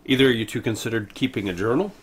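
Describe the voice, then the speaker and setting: A man's voice: mid-range voice, very fast, crowd noise. A man hosting a casual podcast chat, prompting the others with short questions and dry quips. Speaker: podcast host.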